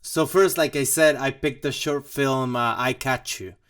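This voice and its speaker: A man's voice: medium pitch, steady tone, measured pace, fairly bright tone, smooth. A man hosting a casual walkthrough vlog about his own music, rambling and joking with many fillers and mock asides. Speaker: composer and channel host.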